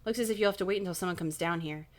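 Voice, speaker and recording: A woman's voice: on the low side, very fast. A woman live-streaming as she reads a spooky kids' book aloud, breaking off into casual chatty asides, swearing and laughing at her own slips.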